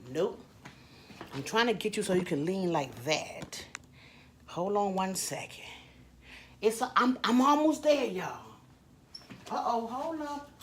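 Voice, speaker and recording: A woman's voice: fairly low pitch, slight background noise. A woman chatting with viewers from her home kitchen while doing dishes, in a repetitive, preachy way, calling them y'all and adding amen. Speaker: faith vlogger. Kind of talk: casual chat with viewers while cleaning. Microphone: camera propped up and moved around.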